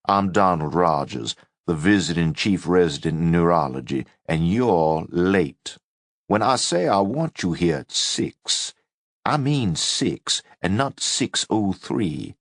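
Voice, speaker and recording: A man voicing a stern, pompous male chief resident doctor with a soft Southern accent, speaking in a slow, clipped, condescending way. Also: low voice, expressive, no echo, studio quality, exaggerated voice. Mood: stern scolding.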